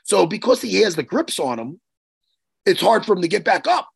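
A man co-hosting a chat show, telling a story in an excitable, profane way with lots of restarts. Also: sits high, moderate pace, vocal fry, breathy edge. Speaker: podcast co-host and martial arts coach. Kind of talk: casual chat, animated storytelling.

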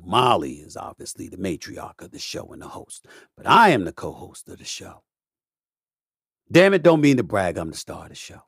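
A middle-aged man holds forth on his own podcast, his voice close and dry. He talks in an emphatic, repeating rhythm like a preacher, dropping to a low mutter and then climbing into loud, cussing outbursts. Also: husky, dry recording. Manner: profane, repetitive, preacher-like cadence. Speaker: podcast host. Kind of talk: opinionated monologue.

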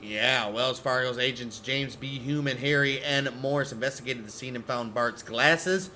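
A man trades jokes with his co-host and reads parts of the story, laughing and swearing along the way. His voice is very bright and cutting, with a faint murmur of ambience behind it. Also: mid-range voice, moderate pace, slight background noise. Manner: joking, laughs often, swears. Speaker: podcast co-host. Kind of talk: casual storytelling chat.

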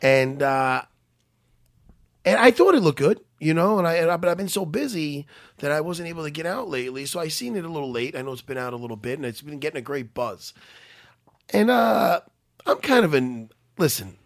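A podcast co-host chatting casually about sports, excitable and prone to getting loud when hyped, often breaking in with "listen.". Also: male voice, fairly high pitch, a little fast, vocal fry, no echo, clean studio sound. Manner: repeats "listen" to take the floor.

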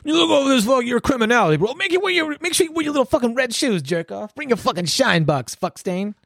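A man's voice: high voice, animated, racing, gravelly, dry recording, clean studio sound, pitched above the performer's own voice. A man putting on a bullying male politician who talks like a mob boss, profane, threatening and mocking.

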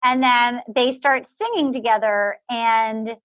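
A woman's voice: a little high, slow pace, fairly bright tone. A woman co-hosting a podcast, chatting casually and acting out what people said. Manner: chatty, acts out quotes in voices. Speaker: podcast co-host. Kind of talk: casual chat recapping a reality show.

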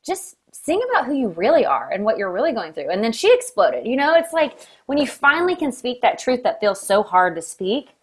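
A woman hosts a relaxed interview conversation. She speaks earnestly and affirms what her guest says, in a natural, everyday voice. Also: on the high side, a little fast, few pauses, a little hiss or hum. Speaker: interviewer, host. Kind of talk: casual interview chat.

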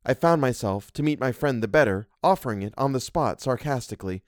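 A man reads a classic ghost story in a measured, expressive manner. His voice sits at a middle pitch and moves lively up and down. The sound is dry and close, with no room echo. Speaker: reader. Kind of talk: audiobook reading of a classic story.

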